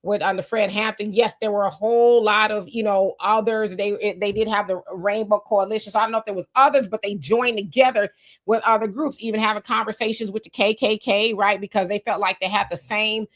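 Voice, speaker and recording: A woman hosting a casual live stream, greeting viewers by name, reading their comments aloud and musing on them in a loose, unhurried way. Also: mid-range voice, steady tone. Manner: loose, musing, often trails off with "I don't know". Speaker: livestream host.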